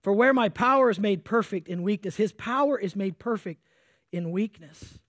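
A man preaching a sermon with energy, swinging between loud emphasis and quiet intensity, sweating as he speaks to a congregation. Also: sits high, moderate pace, dry recording, studio quality. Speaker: pastor.

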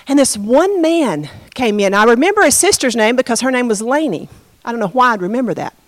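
Expressive high-voiced woman pastor preaching. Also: dry recording. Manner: storytelling testimony, expressive and conversational. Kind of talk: sermon.

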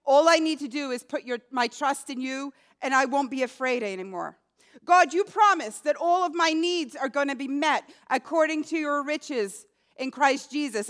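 A woman's voice: sits high, fairly bright tone. A woman preaching a sermon in an earnest, emphatic way, speaking prayers aloud as examples.

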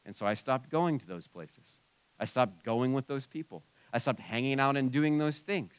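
A man's voice: medium pitch, moderate pace, clear, resonant tone, dry recording. A pastor preaching a conversational sermon in a church, often dropping and raising his voice. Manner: conversational preaching with shifts in loudness. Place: church sanctuary.

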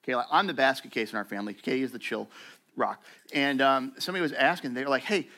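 A pastor with a mid-range voice preaches quickly to his church, keeping the sermon conversational and animated. He acts out the voices of the people he quotes.

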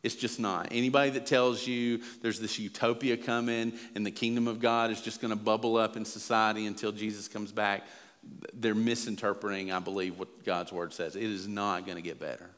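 A man's voice: little pitch movement, fairly quick, a bit bright. A man preaching a sermon as pastor, earnest and emphatic, his voice rising as he presses his points. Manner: earnest, emphatic preaching that builds in pitch and volume. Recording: long hall reverb.

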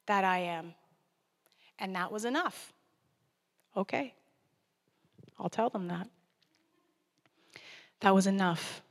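A woman's voice: medium pitch, in a large hall. A woman guest preacher giving a conversational sermon and acting out scripture dialogue.

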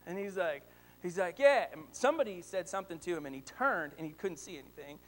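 High-voiced man preaching with animated stories. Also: quick pace. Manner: animated storytelling, rising to excited shouts. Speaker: pastor. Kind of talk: sermon with personal stories.

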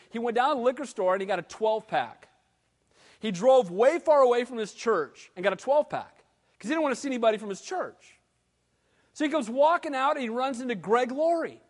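A high-voiced male pastor preaching with big swings from loud to hushed. His voice rings out with a long reverb, as in a church sanctuary. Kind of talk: sermon.

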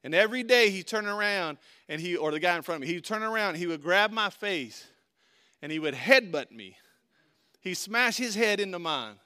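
A middle-aged pastor, delivering a sermon full of storytelling. His voice sits high and bright. He swings from quiet, intimate asides to shouted, excited peaks. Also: moderate pace, clean tone.

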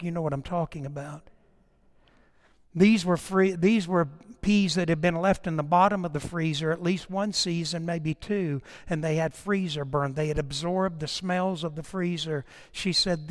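A middle-aged pastor preaches passionately in a large hall, his pitch fairly high. He swings between loud declarations and hushed storytelling, repeating words as he goes.

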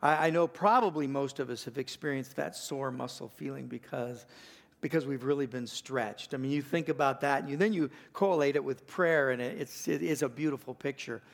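An older man, a pastor, preaching a sermon with folksy stories, rising louder and higher to stress his points. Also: a little fast, vocal fry. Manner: animated, rising in pitch and volume to stress points; folksy storytelling with restarts.

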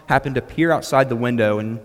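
Brisk and medium-pitched, a young man delivers a sermon woven around something that happened to him, narrating it story-style and frequently starting his words over. The sound carries the long reverb of a hall.

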